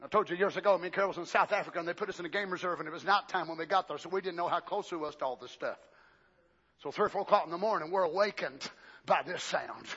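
An older man preaching a sermon. He swings from shouted, drawn-out exclamations to hushed, low passages. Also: husky, dull audio.

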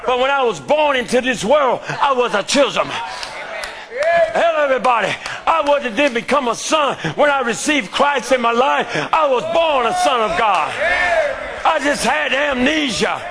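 A man preaching a sermon who shouts often and calls out to the congregation for response. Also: very high voice, lively intonation, normal speed, a crowd in the background.

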